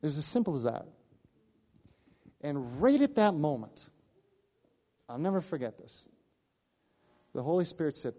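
A man preaching, telling a personal story with animated delivery, acting out the voices of others and laughing at himself. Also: a little high, measured pace, pauses often. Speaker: pastor. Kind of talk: sermon storytelling.

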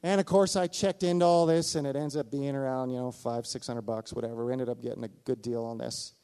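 A middle-aged male pastor preaches a sermon built around a personal story, delivering it with animation and acting out the dialogue. His voice runs on the high side.

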